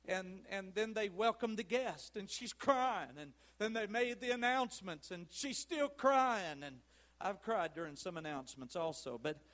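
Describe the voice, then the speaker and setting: A man preaching a pentecostal sermon, swinging between shouted praise and hushed, quiet passages. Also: high voice, expressive, unhurried.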